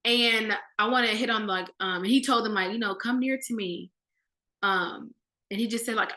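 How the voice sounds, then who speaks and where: A woman leading a casual, animated Bible study. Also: fairly high pitch, normal speed, echoey room. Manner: animated, conversational, with slang.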